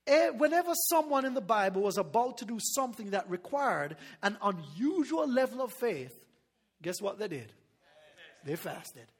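Male pastor, very high voice, lively sermon delivery, call-and-response. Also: moderate pace, slightly rough, big-room sound. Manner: animated preaching with laughter and call-and-response.

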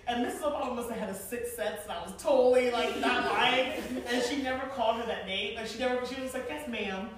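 A woman in her forties telling stories to a live audience, animated and chatty, often laughing. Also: on the high side, a little hiss or hum. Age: 40s. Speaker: event planner and speaker. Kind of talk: storytelling talk to a live audience. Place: large room with an audience. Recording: echoey room, mic from far off.

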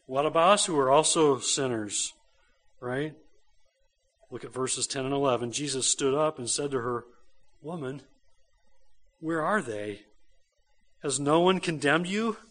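A male pastor delivering a sermon in an emphatic, earnest way. He circles back over his key phrases, repeating them for weight. He often turns to his listeners with quick rhetorical questions. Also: mid-range voice.

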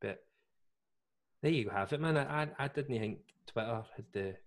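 A man's voice: medium pitch, moderate pace. A young Scottish man co-hosting a podcast, chatting casually and joking, with frequent laughter. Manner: chatty, jokey, laughs often. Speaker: podcast co-host. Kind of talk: casual chat.

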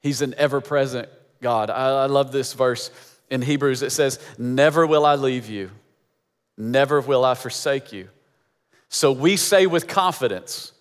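A man's voice: mid-range voice, a little slow, long reverb tail. A man preaching as pastor, emphatic and repeating phrases for effect. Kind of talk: sermon.

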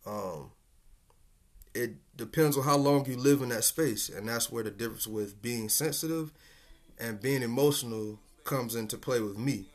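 A man's voice: mid-range voice, normal speed. A man hosting a casual solo podcast, talking in a laid-back, slangy and profane way and chuckling often. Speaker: podcast host.

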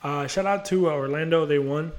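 A man's voice: a little high, fairly quick. A young man hosting a podcast, rambling and joking about soccer, swearing and teasing himself. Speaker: podcast host. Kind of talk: casual soccer chat.

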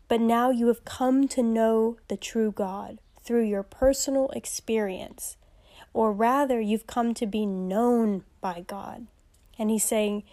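A woman hosting a podcast, teaching from scripture in a casual, animated way, reading passages aloud and laughing often. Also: on the high side.

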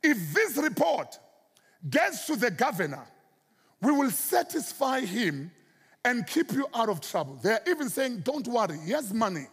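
South African pastor preaching with big pitch swings. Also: male voice, very animated, fairly bright tone, slightly rough, in a large hall. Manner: preaching with sudden pitch swings and drawn-out emphasis. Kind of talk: sermon.

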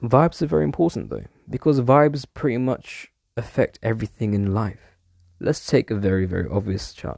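A man's voice: fairly low pitch, vocal fry, dark tone, no echo, clean studio sound. A man in a rambling, digressive solo monologue, casually chatting and now and then swearing.

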